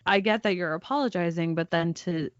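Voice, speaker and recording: Animated storyteller woman, dull dry sound. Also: on the low side, fairly quick, dry recording. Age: young adult. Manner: animated storytelling, acts out her child's voice. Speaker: podcast co-host. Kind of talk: casual chat.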